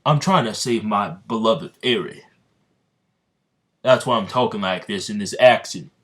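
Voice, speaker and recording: A man voicing a cocky young male hero in a cowboy disguise, talking in a loud, breezy, slangy way. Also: mid-range voice, expressive, moderate pace, lightly acted. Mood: brash.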